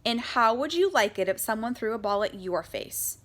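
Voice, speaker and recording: A woman's voice: on the high side, expressive, normal speed. Woman doing an eager, spunky little girl. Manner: bright, eager, indignant. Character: spirited, chatty young schoolgirl.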